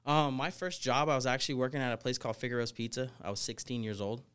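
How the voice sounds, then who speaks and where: A smooth, fast-talking young man with a mid-range voice guests on a podcast, recounting life as a snake wrangler. His storytelling is casual, energetic and rambling, with "you know" and "like" cropping up constantly.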